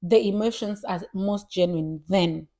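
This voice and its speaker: Animated young woman chatting. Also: on the low side, a little slow. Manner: animated, mimics others in raised voice, mixes Swahili into English. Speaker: podcast co-host. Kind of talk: casual chat.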